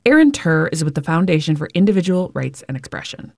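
Low, gravelly-voiced woman news correspondent. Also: sing-song, quick pace, a little mellow, dry recording, studio quality. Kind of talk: scripted news report.

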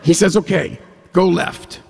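A man telling a humorous personal story to an audience, animated, jumping up in pitch when he quotes dialogue. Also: measured pace, creaky, slightly rough. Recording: long hall reverb.

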